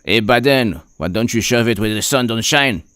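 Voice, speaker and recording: A man voicing a scornful Frenchman with a mock French accent, brusque and dismissive, in a smooth, dry voice. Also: mid-range voice, animated, moderate pace, a bit bright, dry recording, close to an everyday voice. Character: scornful Frenchman telling a president off.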